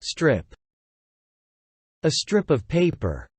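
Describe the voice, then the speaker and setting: A vocabulary narrator reads a word list for learners at a very slow, careful pace. Each word comes twice and then a short example phrase, with the pitch rising and falling widely. The voice is a little breathy and recorded close and dry. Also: huge pitch swings, dry recording.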